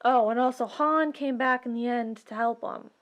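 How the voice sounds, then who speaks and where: A woman with a fairly high voice tells a comedic movie recap. Her delivery is rambling and playful, and she adds her own sound effects along the way. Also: moderate pace. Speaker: video creator.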